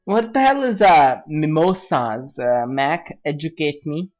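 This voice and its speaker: A man's voice: on the high side, expressive, unhurried, darkish tone, soft background music. A man streaming a game and chatting casually with friends over voice chat, teasing and laughing often.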